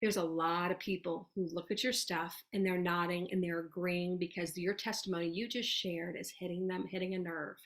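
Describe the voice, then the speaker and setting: A woman giving an earnest, chatty motivational talk to her network marketing team, full of "you guys" and "y'all", sometimes dropping to a soft voice to act out sample messages. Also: fairly low pitch, little pitch movement, normal speed, few pauses.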